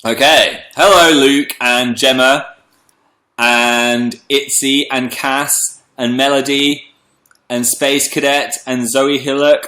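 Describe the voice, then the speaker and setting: A man's voice: medium pitch, fairly even intonation, takes it slowly, bright, forceful tone, echoey room. A young man casually chatting on a livestream, greeting viewers by name, a little congested from a cold. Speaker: livestream host.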